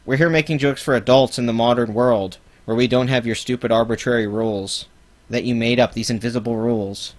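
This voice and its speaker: A man's voice: mid-range voice, steady tone, fairly quick. Man, live-stream reaction host, casual, profane, sarcastic ranting. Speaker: channel host.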